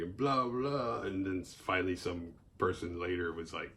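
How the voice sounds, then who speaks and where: With a low voice at normal speed and hardly a pause, a horror movie review host riffs on his day. He swears openly, stays sarcastic and animated, and imitates people in exaggerated voices to mock them.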